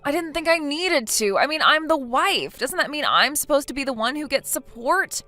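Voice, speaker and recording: Brief: woman voicing whiny, defensive young wife, text-story read, soft music behind. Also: sits high, lively intonation, moderate pace. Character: self-pitying young wife who cheated.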